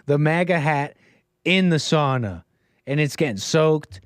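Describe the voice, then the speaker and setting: A man's voice: on the high side, animated, unhurried, clear, resonant tone, no room sound, clean studio sound. A man hosting a call-in livestream, chatting casually and riffing, laughing between his remarks. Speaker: call-in show host.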